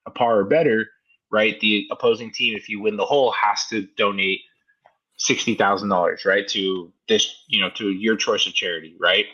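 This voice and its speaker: A fairly low-voiced man co-hosts a casual podcast from a remote call, meandering through his points with plenty of "like" and "you know." The audio comes through dull and lo-fi, with the top end muffled. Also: fairly even intonation, moderate pace, pushed and bright, breathy edge. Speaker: podcast co-host. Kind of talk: casual chat.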